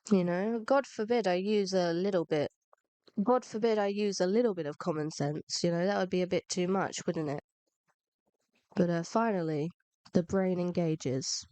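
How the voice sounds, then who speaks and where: A woman's voice: on the low side, normal speed, dark tone, clean tone, no room sound. A woman, feeling unwell with a cold, giving casual, rambling, self-mocking commentary over gameplay. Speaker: gaming video narrator.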